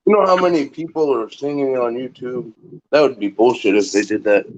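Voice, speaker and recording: A man's voice: mid-range voice, brisk, highs cut off. A man calling into a livestream, joking and swearing in casual banter. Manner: joking, profane. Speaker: guest calling in.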